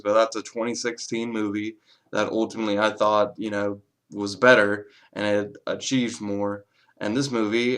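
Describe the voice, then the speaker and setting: A man with a lowish voice gives a loose, unscripted film review. He talks slowly, swears freely and pads his sentences with plenty of filler words as he drifts from point to point. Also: fairly bright tone. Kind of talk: casual spoken movie review.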